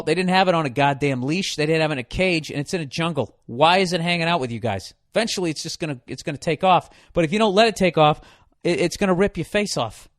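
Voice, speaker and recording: A man's voice: on the high side, no echo, studio quality. A man hosting a podcast, ranting in an exasperated, profane, comedic way. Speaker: podcast host. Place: hot room.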